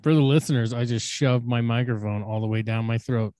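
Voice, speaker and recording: A man's voice: medium pitch, steady tone, a little fast, warm tone. A man co-hosting a podcast, cracking crude jokes and laughing often. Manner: wisecracking, laughs a lot. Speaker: podcast co-host. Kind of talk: crude casual chat.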